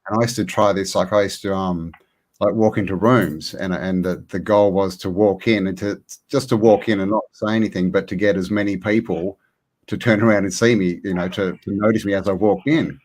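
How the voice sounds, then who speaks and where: A man co-hosting a live tarot show, talking casually in a hesitant way with many pauses and restarts. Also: low-pitched, steady tone, a little mellow. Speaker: co-host. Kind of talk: casual chat.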